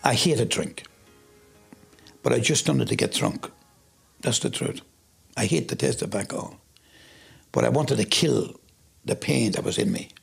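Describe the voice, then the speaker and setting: A middle-aged Irish man tells his story with a deeply gravelly, husky voice. He brings the tale to life, acting out what each person said. His delivery stays personal and direct throughout. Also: expressive, measured pace, long pauses, faint music behind. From Ireland. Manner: vivid storytelling, acts out quoted talk. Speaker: interviewee. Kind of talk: personal testimony.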